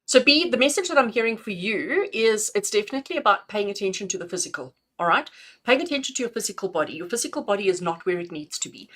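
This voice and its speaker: A woman's voice: medium pitch, expressive, quick pace, fairly bright tone. A middle-aged woman doing spiritual readings for viewers on a live stream, chatty and affectionate, often laughing and calling people "my darling". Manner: laughs often between messages. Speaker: intuitive reader.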